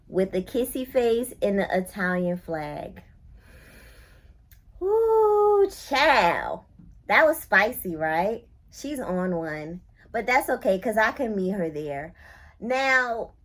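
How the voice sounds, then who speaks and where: A woman book reviewer ranting casually on camera, sassy and exasperated, talking straight back at someone. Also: a little high.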